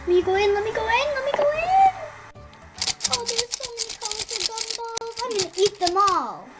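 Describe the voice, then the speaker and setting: A woman's voice: extremely high pitch, expressive, fairly quick, loud music behind the voice, rough recording. A woman voicing a greedy, impulsive little girl doll in a toy play video, with a sweet, childlike sing-song voice. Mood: eager.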